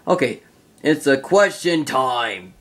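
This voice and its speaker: Rambling excitable young man, roomy sound. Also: mid-range voice, slow, distant mic. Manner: rambling, excitable, lots of fillers and restarts. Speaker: YouTuber answering fan questions. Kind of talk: casual vlog chat. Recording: roomy sound, away from the mic.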